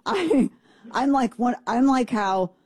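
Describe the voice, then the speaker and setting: A woman's voice: on the low side, animated, normal speed, dark tone, slightly rough. A woman in her thirties hosting a commentary show, chatty and sarcastic, rambling with restarts. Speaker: podcast host. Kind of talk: opinionated commentary.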